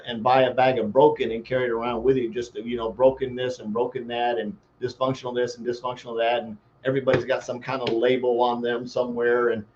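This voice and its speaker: A man's voice: mid-range voice, dull audio, slight background noise. A man giving a motivational talk as a life coach, telling a folksy, rambling story built on homespun analogies.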